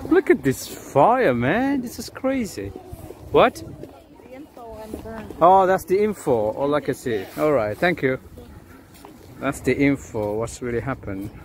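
A man vlogging outdoors in a city park, chatting with passers-by in an excitable way and repeating words and phrases. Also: mid-range voice, slow, long pauses, slight background noise. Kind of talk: casual vlog chat with passers-by.

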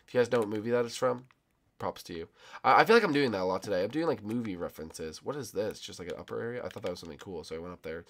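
A man's voice: on the low side, expressive, quick pace. A man playing a hide-and-seek game with friends, goofy and jumping into silly voices and mock threats. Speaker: gaming YouTuber.

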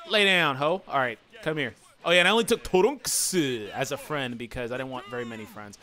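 A man doing let's play commentary, excitable and yelling taunts at his opponents over faint game music. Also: medium pitch, fairly quick. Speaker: gaming channel host.

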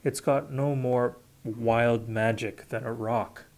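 A man's voice: mid-range voice, fairly even intonation, takes it slowly, a little mellow. A man reading the part of a bitter, frustrated leper in an audiobook, talking sourly and demandingly. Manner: sour and demanding.

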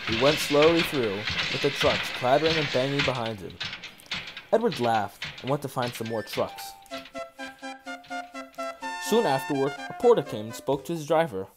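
A man narrates a children's storybook aloud in an expressive, animated way, his pitch rising and falling freely. Soft music and birdsong run beneath the reading. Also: normal speed. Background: soft background music and birdsong.

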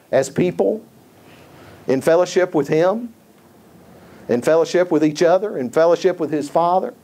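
A man's voice: fairly high pitch, mellow. A male pastor preaching a sermon, emphatic, repeating key phrases and quoting scripture.

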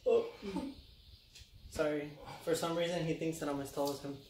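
A man's voice: on the high side, flat delivery, a little mellow, recorded from a distance, a little hiss or hum. A young man, the host's son, chatting casually in a playful, joking way and drawing out his words. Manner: joking, playful, slow and drawn out. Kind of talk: casual chat. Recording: roomy sound a bit off-mic.

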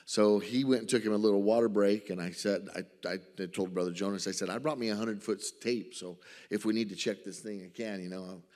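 A man's voice: lowish voice, steady tone, a little fast, darkish tone. A male missionary with a Southern US accent, telling a folksy story to a church and acting out the conversations. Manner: folksy storytelling, acts out dialogue. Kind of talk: church mission report with slides. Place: church sanctuary. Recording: reverberant church hall.

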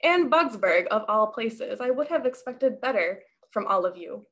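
A woman voicing a smug, suspiciously polite male spider in a children's story, talking in a smooth, reasonable, mock-wounded way. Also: fairly high pitch, animated, normal speed, fairly bright tone. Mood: politely indignant.

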